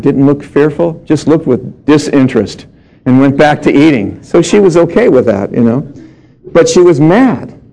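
A man's voice: medium pitch, gravelly, dark tone, poor audio. A middle-aged male pastor preaching a sermon, reading scripture and telling humorous personal stories.

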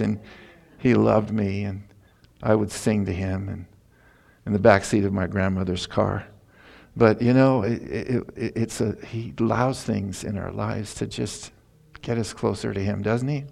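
A man's voice: lowish voice, vocal fry, a little mellow. A middle-aged male pastor preaching a sermon in a folksy, emotional way, laughing through personal stories.

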